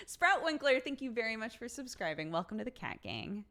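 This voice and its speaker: An American woman streamer chatting casually with her viewers, chatty and quick to laugh, with lots of "like" fillers. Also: fairly high pitch, big pitch swings, pushed and bright. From United States.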